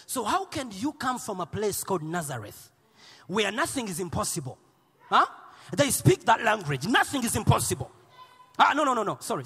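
A man from Uganda preaching a sermon in a church, shouting and playful, with call and response. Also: high-pitched, slightly rough. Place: large church hall. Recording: long hall reverb.

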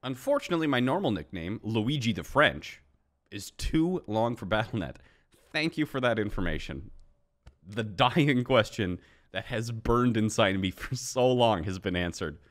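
A man's voice: on the low side, moderate pace. A man giving casual, joking commentary on gameplay clips as a streamer guessing ranks. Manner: joking, animated, sarcastic.

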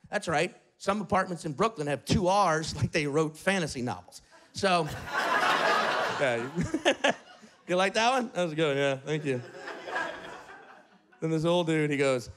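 A man doing stand-up comedy in an apartment, telling a story in an animated way. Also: fairly high pitch, normal speed. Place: apartment living room, live audience.

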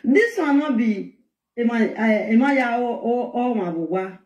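A woman's voice: on the high side, expressive, unhurried, a little mellow, echoey room, poor audio. A woman with a Nigerian Pidgin accent telling a personal family story in an emotional, rambling way, heard in a replayed video clip. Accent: Nigerian Pidgin English.

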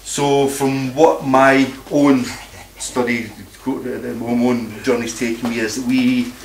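A man's voice: medium pitch, level tone, slow. A man speaks bluntly to a room of listeners and often repeats words mid-sentence. He is picked up from a distance, so his voice sounds roomy and echoey. A faint hiss sits under the recording. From Scotland. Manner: blunt, combative, repeats words while searching. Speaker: meeting speaker. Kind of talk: informal talk to a live audience. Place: meeting room.

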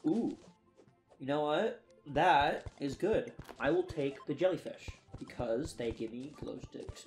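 A man's voice: medium pitch, darkish tone. A tired young man giving casual, self-mocking commentary on his own gameplay, talking to himself as he plays. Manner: chatty, self-mocking, talks to himself while playing. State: tired and yawning. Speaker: let's play gamer.

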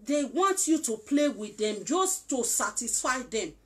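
A Nigerian woman talks through relationship advice in a loose, instructive way. She repeats herself and keeps checking that the listener follows. Her voice sits a little high. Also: sing-song, measured pace. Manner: repetitive, coaxing, often checks "you understand?". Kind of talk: casual instructive talk.

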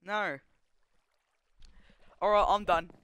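A young man chatting casually on a gaming livestream, joking and rambling with quick laughs. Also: high-pitched, steady tone, noisy background. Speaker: streamer.

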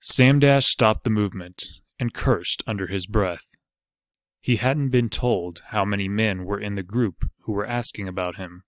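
A man reads a scripted audiobook in a steady, measured manner, his voice low and unhurried. The recording sounds dry and close-miked, with no room around it.

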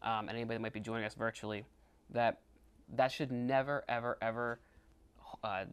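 A man's voice: medium pitch, fairly quick, clear, resonant tone. A man co-presenting a church retreat, talking casually and animatedly about scripture with lots of fillers. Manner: animated, rambling with many fillers. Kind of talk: casual faith discussion.

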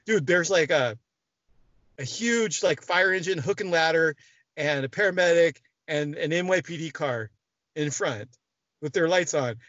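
A man's voice: a little high, measured pace, dry recording. A man talking as a guest in a casual interview, telling a long story with frequent restarts and casual swearing. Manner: animated, restarts often, swears freely. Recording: dry, dull lo-fi sound.

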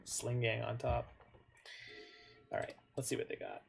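A man talking through his own card game as he plays, in a middle-pitched voice that sits in an ordinary range. He thinks aloud, corrects himself mid-sentence and wanders into small asides, keeping it relaxed and conversational. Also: unhurried, creaky, over music. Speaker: gamer commenting on his own online card game matches. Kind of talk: casual gameplay commentary.

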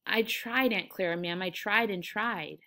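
A woman reading aloud the part of a simple-minded, childlike man who speaks softly and pleadingly. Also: medium pitch, unhurried. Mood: miserable. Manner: soft, pleading.

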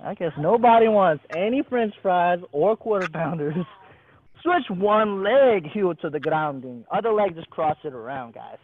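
An upbeat man coaching a gymnastics class over a video call, his voice pitched high and swinging widely as he counts reps and cheers the kids on. The audio is thin and phone-like. He sounds like he's in an indoor gym. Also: animated, measured pace. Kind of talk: leading a live online exercise class.

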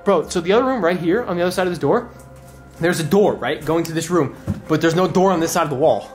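A young man vlogging while exploring an abandoned house, loud, jumpy and swearing, filmed on a handheld camera. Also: a little high, fast talker, soft background music. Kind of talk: casual exploring vlog.

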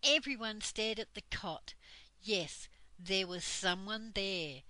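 An older woman reading a children's book aloud in a slow, gentle, expressive way. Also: mid-range voice, dry recording, low-quality recording. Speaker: storyteller.

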